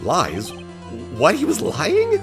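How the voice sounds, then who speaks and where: A man's voice: mid-range voice, big pitch swings, normal speed, over music, natural voice. A man voicing a nervous young male defense lawyer in a video game, hesitant and unsure of himself.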